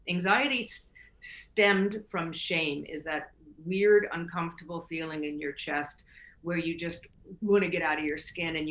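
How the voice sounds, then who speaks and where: A woman's voice: deep voice, pushed and bright, roomy sound. A woman hosting a recovery talk, giving earnest casual advice with frequent restarts and easy laughter. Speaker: recovery podcast host.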